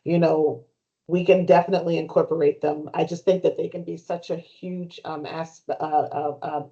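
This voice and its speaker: A woman speaking at a town committee meeting, halting with many fillers and restarts. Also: low-pitched, little pitch movement, dark tone. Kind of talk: meeting discussion. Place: meeting room. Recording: muffled meeting recording.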